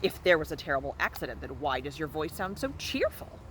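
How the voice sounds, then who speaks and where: A woman's voice: sits low, sing-song, fairly quick, a bit bright, a little hiss or hum. A woman voicing an indignant, bossy old female goose who scolds and lectures. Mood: squawking, suspicious.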